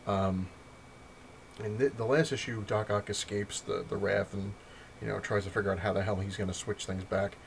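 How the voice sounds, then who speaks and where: A man's voice: on the low side, fairly even intonation, normal speed, creaky, slight background noise. A man chatting casually on his own show, rambling and correcting himself as he recaps comics, swearing freely. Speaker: comic collector reviewing his haul.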